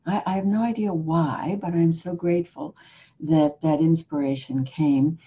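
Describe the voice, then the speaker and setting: An earnest woman interviewer shares a personal story and asks searching questions in a spiritual conversation. Her voice sits low and sounds mellow, heard on a slightly muffled, lo-fi recording. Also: steady tone, a little slow.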